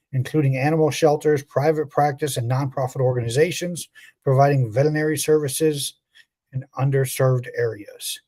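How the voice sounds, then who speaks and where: Mellow-voiced podcast co-host, wry. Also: male voice, medium pitch. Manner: wry asides, stumbles over names. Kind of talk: reading a guest bio on a podcast.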